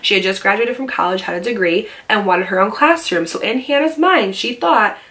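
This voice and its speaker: Brief: young woman vlogger, animated storyteller, casual and profane, mid-range voice. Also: mid-range voice, a little fast. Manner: animated, swearing, acting out quoted voices.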